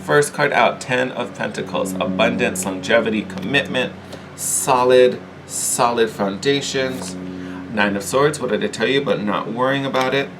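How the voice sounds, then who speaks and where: A man giving a casual, chatty tarot reading, animated and quick to laugh, often repeating himself. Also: medium pitch, noisy background. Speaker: tarot reader.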